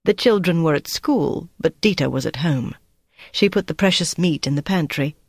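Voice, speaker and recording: An audiobook narrator reading a novel in an even, measured storytelling manner. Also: medium pitch, slightly rough, no echo, clean studio sound. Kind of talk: scripted narration.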